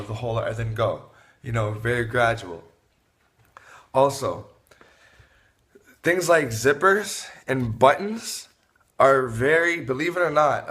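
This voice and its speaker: Man, parenting vlogger, mid-pitched, easygoing delivery, lots of "you know" and restarts. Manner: relaxed, rambling, many fillers and restarts. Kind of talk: casual advice talk to camera.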